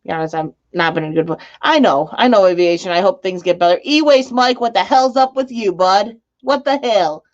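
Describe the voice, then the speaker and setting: A woman's voice: mid-range voice, a little fast, few pauses. Woman streamer, casual chat with viewers, rambling and jokey, dull lo-fi sound. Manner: rambling, joking, laughs often. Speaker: live streamer. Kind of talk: casual live-stream chat reading comments.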